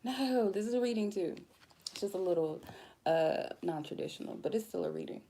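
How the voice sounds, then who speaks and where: A woman's voice: medium pitch, lively intonation, fairly quick, dark tone. A woman tarot reader giving a casual spiritual talk, blunt and goofy, swearing freely.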